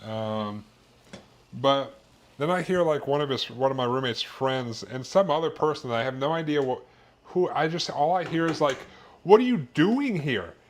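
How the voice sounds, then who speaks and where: This man, medium-pitched and moderately paced, talks casually while cooking on a stream from his home kitchen. His chatter wanders, with plenty of fillers, restarted sentences, and easygoing cursing.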